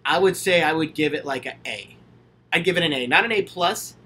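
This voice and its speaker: An upbeat man with a slightly high, bright, forceful voice, speaking in a casual livestream Q&A. He gushes enthusiastically and rambles with plenty of fillers as he answers his audience. His own handheld camera picks him up. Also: a little fast, a little hiss or hum. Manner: enthusiastic, gushing, chatty with many fillers. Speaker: channel host answering viewer questions. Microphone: handheld camera, self-filmed.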